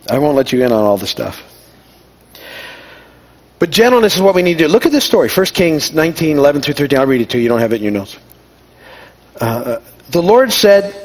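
A middle-aged man giving an informal sermon, telling personal stories and acting out the dialogue in a conversational, self-deprecating way. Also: fairly high pitch. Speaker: pastor.

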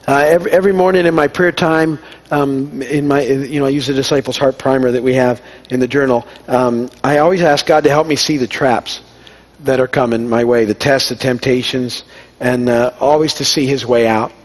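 A man's voice: mid-range voice, steady tone, normal speed. A middle-aged man giving an informal sermon, telling personal stories and acting out the dialogue in a conversational, self-deprecating way. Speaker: pastor.

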